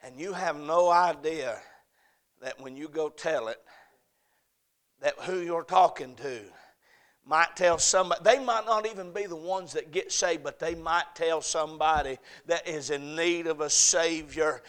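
A pastor preaching an evening sermon, rising to impassioned shouting and falling to a hushed prayer. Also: male voice, fairly high pitch, measured pace. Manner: fervent preaching that swells to shouting, then drops to a hushed prayer.

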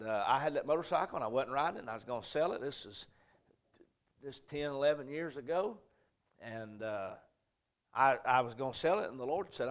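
A man in his thirties with a Southern American accent, preaching a sermon in a church and telling folksy, rambling stories, dropping to a quiet voice and then rising loud. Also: medium pitch. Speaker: pastor. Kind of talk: sermon storytelling.

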